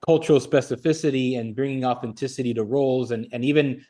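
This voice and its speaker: Male host, mid-pitch, easygoing, steers the conversation. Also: fairly even intonation, quick pace, mellow. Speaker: podcast host. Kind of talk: casual interview chat.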